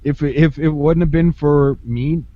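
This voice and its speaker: A man's voice: on the high side, measured pace. A man telling a story in casual podcast chat, swearing freely, laughing often and acting out what people said. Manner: profane, laughs often, acts out quotes. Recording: dull lo-fi podcast audio.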